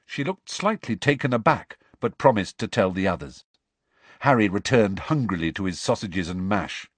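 Male audiobook narrator, low husky voice, lively inflection, dry close sound. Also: moderate pace, dry recording. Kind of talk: scripted narration.

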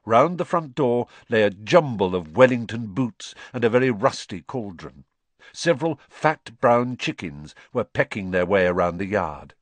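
A man narrates a fantasy audiobook with an animated, wide-ranging delivery. The recording is dry and close, with no room sound. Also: fairly low pitch, moderate pace, no echo. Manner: expressive storytelling. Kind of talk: scripted narration.

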